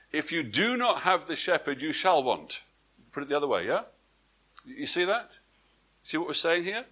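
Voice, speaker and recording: A man preaching a sermon to a congregation, swinging from quiet, drawn-out phrases to emphatic ones and asking his listeners questions. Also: a little high, big pitch swings. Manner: repeats words for emphasis, asks the congregation questions. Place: church before a congregation, also streamed online.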